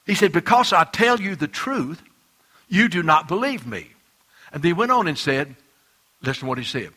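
Pastor guy preaching, brightish higher voice, goes loud then real quiet. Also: animated, normal speed. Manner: emphatic preaching with sudden loud and soft swings. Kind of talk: sermon.

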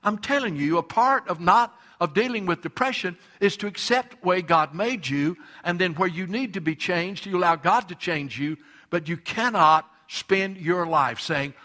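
A man's voice: high-pitched, animated, moderate pace, bright, forceful tone. A male pastor preaching a sermon, emphatic and repetitive, acting out quoted voices.

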